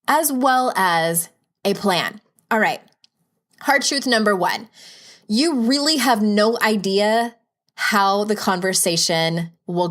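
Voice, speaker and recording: A woman hosting a solo self-help podcast, talking frankly and playfully, coaching listeners with humorous asides. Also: mid-range voice. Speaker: podcast host.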